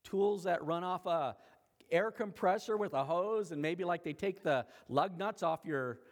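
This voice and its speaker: Man preaching in an echoing hall. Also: a little slow. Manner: conversational preaching with sudden rises in pitch and volume. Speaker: pastor. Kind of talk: sermon.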